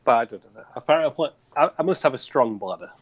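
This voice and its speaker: A man's voice: medium pitch, lively intonation, quick pace, husky. Man in his late twenties, chatty co-host. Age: 20s. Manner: brief, agreeable interjections and teasing. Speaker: podcast co-host. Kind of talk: casual chat.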